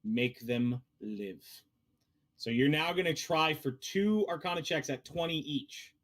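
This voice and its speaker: A man's voice: fairly high pitch, normal speed, fairly bright tone. A man running a tabletop game as game master, narrating loosely with many fillers.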